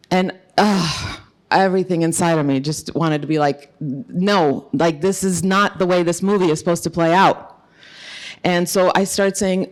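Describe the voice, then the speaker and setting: A woman's voice: on the low side, normal speed. A middle-aged woman giving an earnest, emphatic conference talk as an author, telling a personal story. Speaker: author and speaker.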